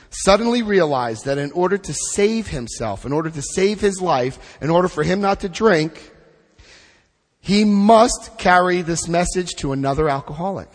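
Middle-aged guy with a high voice preaching recovery to a big group, drags out his words, long echo in the hall. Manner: emphatic, drawn-out stresses, asks the room questions. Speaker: recovery speaker leading a big book study. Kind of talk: impassioned recovery talk to a group.

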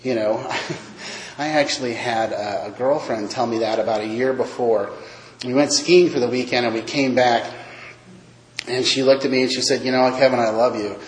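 A man's voice: mid-range voice, steady tone, moderate pace. A man telling his recovery story at a meeting, self-mocking, acting out the other voices in his tale. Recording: echoey hall.

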